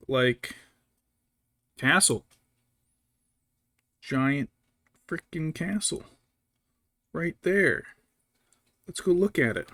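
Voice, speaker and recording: A man's voice: fairly high pitch, lively intonation, very slow, pauses often, a bit bright. A young adult man chatting casually while painting miniatures, telling rambling, profane stories. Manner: profane, rambling storytelling with mocking impressions.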